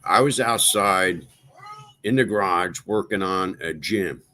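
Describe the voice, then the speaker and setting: A man's voice: low-pitched, slow, pushed and bright. A man hosting a livestream, venting in a casual monologue with exasperation and repeating himself for emphasis. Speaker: livestream host.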